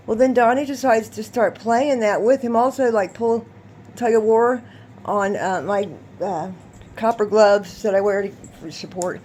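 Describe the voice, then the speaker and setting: A woman vlogging, telling a rambling, animated story and laughing often as she talks. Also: fairly high pitch, a little slow, a little hiss or hum. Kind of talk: casual storytelling to camera.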